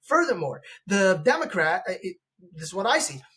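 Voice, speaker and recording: A man's voice: high voice, big pitch swings, moderate pace, fairly bright tone. A man hosting a podcast interview who delivers a long opinionated argument, rambling with frequent restarts and acting out quoted voices. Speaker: podcast host. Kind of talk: opinionated conversational monologue.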